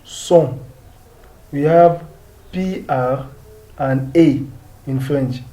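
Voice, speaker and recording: A man's voice: medium pitch, drawn-out words, dark tone, low-quality recording. A man with a Nigerian English accent teaching French pronunciation, patiently drilling words and asking rhetorical questions. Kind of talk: pronunciation lesson.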